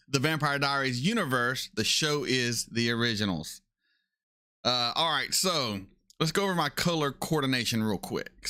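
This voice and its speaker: A man hosting a casual livestream, talking in an opinionated way, repeating points for emphasis and often jumping up in pitch when he gets excited. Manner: frequent excited jumps up in pitch. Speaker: reaction channel host.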